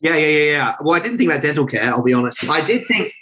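A man tells a personal story as an interview guest. He talks in fast, lively bursts, often correcting himself mid-sentence. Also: fairly high pitch, slight background noise, rough recording. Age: 20s. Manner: animated, rapid storytelling with self-corrections.

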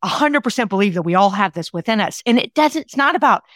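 A woman's voice: medium pitch, animated, fast talker, fairly bright tone, no room sound, clean studio sound. A woman author being interviewed as a guest, who speaks in an enthusiastic, emphatic and down-to-earth way. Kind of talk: conversational interview.

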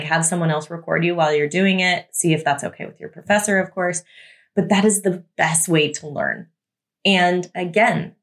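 A young adult woman in a casual advice vlog, chatty, repeating words for emphasis with a few fillers. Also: lowish voice. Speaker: YouTuber giving advice.

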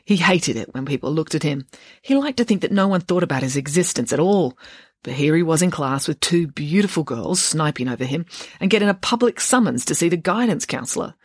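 A woman narrating a children's novel aloud with lively, expressive storytelling. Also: low voice, brisk, breathy edge, no room sound, clean studio sound. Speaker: audiobook narrator. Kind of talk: audiobook reading of a children's novel.

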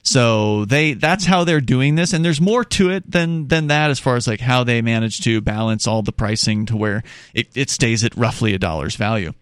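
A man's voice: medium pitch, moderate pace, hardly any pauses, clear, resonant tone, no room sound, clean studio sound. A man co-hosting a talk show in casual chat, explaining step by step and reading news passages aloud with small restarts. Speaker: podcast co-host.

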